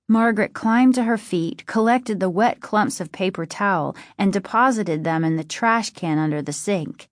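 A woman narrating a spooky storybook with a measured, suspenseful delivery. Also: mid-range voice, dry recording, studio quality.

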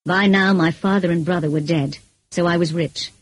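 A brooding, passionate middle-aged gentleman, read by a woman with a low, husky, very breathy voice. He speaks intensely and pleads, warm and mellow in tone, recorded dry and close. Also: fairly even intonation, moderate pace, dry recording, poor audio. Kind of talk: audiobook character reading.

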